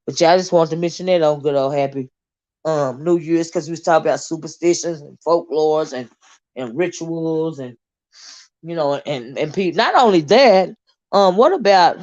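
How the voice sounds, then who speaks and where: A woman's voice: sits low, normal speed, darkish tone. Southern american lady rambling on her livestream, lots of ums and you knows, kinda muffled sound. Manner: rambling, many fillers and restarts, Southern Black American vernacular turns. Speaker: livestream host reading comments. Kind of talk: casual livestream chat.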